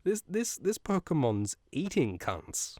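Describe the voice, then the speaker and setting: A podcast host giving a casual, comedic book recap, rambling with profane, jokey asides and frequent laughs mid-sentence. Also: male voice, a little high, sing-song, slow, darkish tone, dry recording, studio quality.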